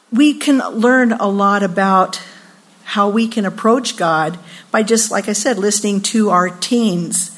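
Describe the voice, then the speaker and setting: An older woman giving a sermon at a retreat, telling stories in a lively way and acting out the voices of people she quotes. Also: medium pitch. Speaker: retreat speaker.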